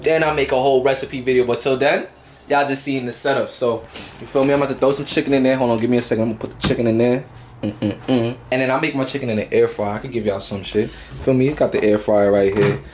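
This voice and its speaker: A young man cooking in his home kitchen and talking to viewers, quick and slangy, often asking "you feel me". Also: medium pitch, steady tone, a little mellow, slight background noise. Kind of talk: casual cooking vlog.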